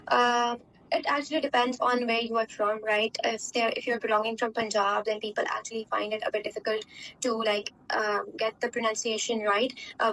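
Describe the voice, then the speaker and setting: Young Pakistani woman, Urdu native, chatty interviewee; slightly high voice, lots of fillers. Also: fairly bright tone, poor audio. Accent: Pakistani English. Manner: chatty, frequent fillers and "right?" tags. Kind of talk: casual interview answers.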